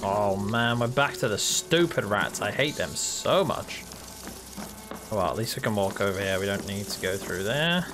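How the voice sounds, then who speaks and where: A man's voice: lowish voice, moderate pace. A man giving casual, chatty commentary while playing a video game. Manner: chatty, relaxed, talking to himself. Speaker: gaming channel host. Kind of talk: casual let's-play commentary. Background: game music.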